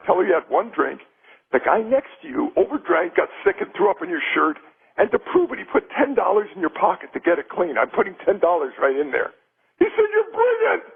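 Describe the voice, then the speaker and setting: A man playing a brash, boastful stunt-show persona, gruff and sarcastic, calling in to a radio show and telling jokes. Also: high voice, heavily acted. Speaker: radio guest. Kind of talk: radio call-in banter and joke telling. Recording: tinny phone line.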